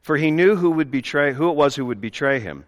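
A male pastor with a fairly high, expressive voice preaches at a brisk clip in a church sanctuary, keeping the sermon conversational and tossing joking asides to the congregation. The long reverb of the church hall carries through the recording.

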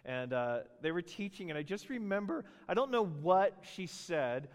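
Pastor, middle-aged man, slightly high voice, lively storytelling sermon, long hall reverb. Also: normal speed. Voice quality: animated, jokey storytelling with voices for characters.

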